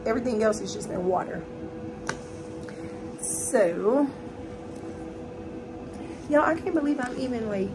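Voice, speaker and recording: A woman's voice: medium pitch, gravelly, background noise. A woman vlogging in a candid, heartfelt way from home. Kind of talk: casual vlog chat. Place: indoors at home.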